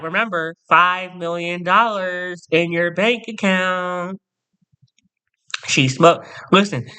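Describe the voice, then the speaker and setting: A man's voice: on the high side, sharp tone, clean tone. A man telling a profane, sassy storytime rant to camera as a vlogger.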